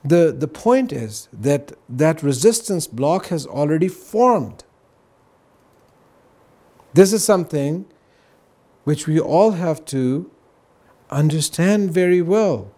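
A man's voice: fairly high pitch, animated, takes it slowly, long pauses, dark tone. A man speaking as a guest on a religious talk show, explaining earnestly and often checking in with "right?" and "you know".

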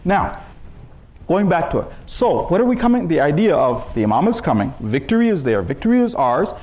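A man preaching a sermon to a congregation, emphatic, reciting scripture in Arabic and climbing to high exclaiming peaks. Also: big pitch swings, brisk, highs cut off. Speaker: speaker at a religious gathering.

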